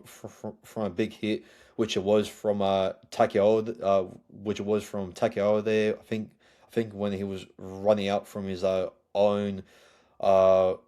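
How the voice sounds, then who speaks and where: Halting man reviewing rugby league. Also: fairly low pitch, a little mellow. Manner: halting, many fillers and restarts. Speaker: podcast host. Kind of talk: solo sports review podcast.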